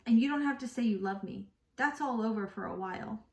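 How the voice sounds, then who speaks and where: A woman's voice: a little high, a little fast, gravelly, echoey room, far from the mic. A woman reading as a moody young woman in love. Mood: tired. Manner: read aloud plainly from a novel.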